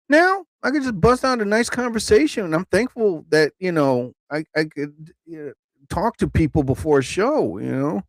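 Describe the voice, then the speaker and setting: A man hosting a live stream, telling rambling stand-up stories casually, laughing often and jumping into higher voices to act out quotes. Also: big pitch swings, normal speed, creaky, no echo. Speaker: live show host, comedian.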